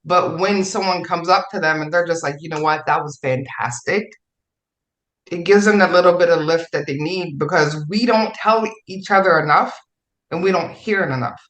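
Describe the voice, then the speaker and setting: A woman speaks in a bright, forceful voice, casual and effusive. She hammers points home by repeating phrases. The room around her is echoey. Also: lowish voice, brisk. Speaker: fellow writer on a podcast panel. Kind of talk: casual podcast chat.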